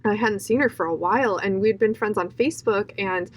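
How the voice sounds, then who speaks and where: This young woman's voice is medium-pitched and a little fast, captured on a rough recording. As a guest, she earnestly tells an emotional testimony from her own life, with plenty of fillers and restarts.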